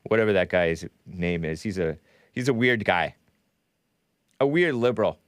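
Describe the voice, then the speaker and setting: A man's voice: sits low, expressive, normal speed, dry recording. Rambling, sardonic male talk show host. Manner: rambling, sardonic, laughs at own jokes. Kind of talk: solo political talk show monologue.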